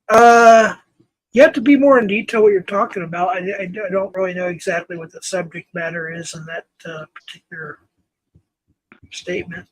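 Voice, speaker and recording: Chatty guy in his 50s hosting a live stream, kinda high voice, rambles on to the viewers. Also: normal speed, husky, no echo, low-quality recording. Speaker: host. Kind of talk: casual live-stream chat.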